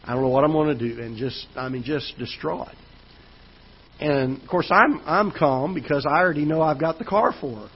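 A man's voice: fairly high pitch, moderate pace, slightly rough. A male pastor with a Midwestern American accent, preaching a sermon and telling a personal story with frequent restarts and repeated words. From United States. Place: church auditorium. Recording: dull lo-fi church broadcast audio.

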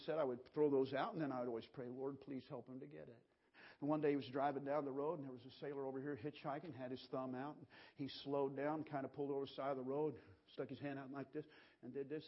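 A man's voice: a little high, lo-fi sound. A man preaching a sermon, telling stories in a folksy way. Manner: folksy storytelling preacher, acts out gestures. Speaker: pastor.

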